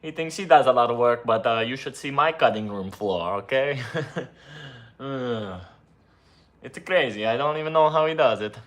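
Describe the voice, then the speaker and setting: A man's voice: animated, normal speed, natural voice. A man voicing a mustached Italian video editor with a put-on Italian accent, rambling and defensive with many hesitations. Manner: loud, higher, rambling with many uhs.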